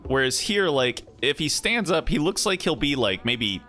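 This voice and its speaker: A man's voice: mid-range voice, moderate pace, hardly any pauses, pushed and bright. A man streaming a game and chatting casually, rambling and joking playfully with viewers. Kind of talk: casual live-stream commentary. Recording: stream with faint game music.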